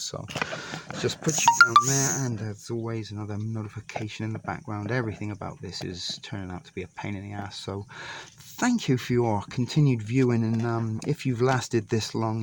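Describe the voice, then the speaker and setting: A man vlogger talking casually and rambling off the cuff at home, with some mild swearing. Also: mid-range voice. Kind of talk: casual vlog narration. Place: small indoor home space.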